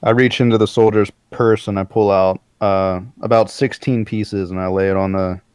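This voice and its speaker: A man plays a tabletop game, describing what his character does in a relaxed first-person way. His voice is low, smooth and resonant. The sound is close and dry. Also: normal speed, no echo. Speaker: player. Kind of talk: casual tabletop play.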